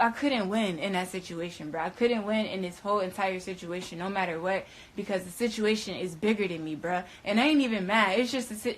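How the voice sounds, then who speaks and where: A woman's voice: mid-range voice, rough recording. A young adult woman telling a personal story straight to camera, emphatic and profane, full of slang and stumbling repeats. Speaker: storyteller recounting a personal ordeal.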